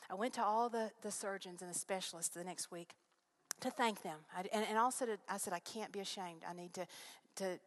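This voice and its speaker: A woman's voice: medium pitch, brisk. Middle-aged woman, earnest testimony speaker at a church event, heartfelt and personal, mid-range voice. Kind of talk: personal faith testimony to a live audience.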